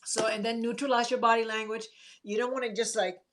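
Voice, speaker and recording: A woman therapist giving advice in a chatty live stream, greeting viewers by name and acting out calm sample replies. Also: a little high, brisk.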